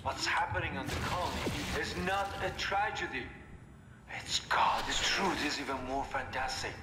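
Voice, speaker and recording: A man's voice: fairly high pitch, normal speed, very noisy, close to an everyday voice. An actor playing a fanatical male cult preacher in a video game, pleading urgently with his flock. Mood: zealous.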